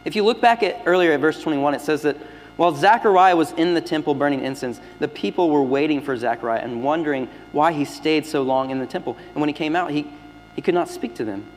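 A man preaching a sermon as pastor, swinging between loud emphatic lines and hushed, near-whispered ones. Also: on the high side, quick pace, slight background noise. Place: church sanctuary. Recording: long hall reverb with faint music.

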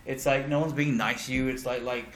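British guy rambling on a podcast, bright voice, echoey room. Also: mid-range voice, steady tone, a little hiss or hum. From Britain. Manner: rambling, halting, profane. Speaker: podcast co-host. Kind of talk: casual podcast chat.

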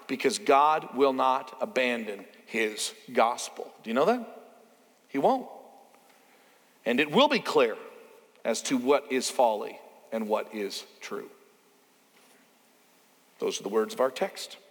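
A man's voice: medium pitch, very animated, slow pace, pauses often, a bit bright. A man pastor preaching a sermon in a conversational way, asking his listeners rhetorical questions. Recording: long hall reverb.

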